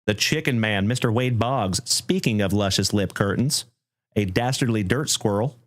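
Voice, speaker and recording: A man hosting a livestream trading card break, thanking viewers effusively and calling out cards with excitement. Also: on the low side, normal speed. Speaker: live card break host.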